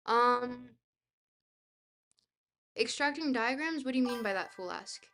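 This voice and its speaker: A woman with a fairly high voice reads a dense book aloud on a live stream. She keeps breaking off to chat, hesitating with fillers and laughing at herself. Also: expressive, measured pace, a bit bright, faint music behind. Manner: laughs easily, self-deprecating.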